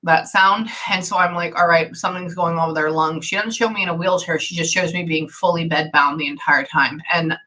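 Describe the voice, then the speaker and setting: A woman with a bright, forceful voice works as a medium during a channeling session. She talks in bursts, keeps stopping herself and circles back to repeat her words. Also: on the low side. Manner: halting, animated, many self-interruptions. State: tearful at times. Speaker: psychic medium.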